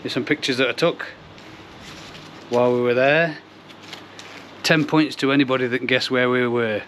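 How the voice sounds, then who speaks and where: This middle-aged man, host of a koi pond channel, talks at a moderate speed with fairly even intonation and frequent pauses. His mid-range voice is a bit bright, and there is slight background noise. Filming a relaxed vlog outdoors, he wanders off topic and jokes about himself.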